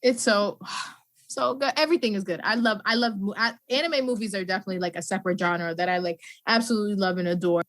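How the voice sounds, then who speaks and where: A chatty woman hosting a podcast interview. She talks in a relaxed, animated way and laughs easily. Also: mid-range voice, quick pace, no room sound. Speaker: podcast host. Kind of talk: casual interview chat.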